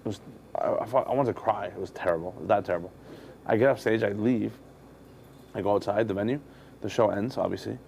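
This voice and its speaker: Profane, animated male comedian. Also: on the low side, a little fast, creaky, long pauses, a little hiss or hum. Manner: candid, profane, animated storytelling. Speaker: touring comedian guest. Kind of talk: casual storytelling.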